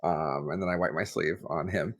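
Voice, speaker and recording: A man's voice: low-pitched, steady tone, moderate pace, crowd noise. Joking, hesitant male tabletop player. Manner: hesitant, joking, full of fillers. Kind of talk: casual tabletop role-play.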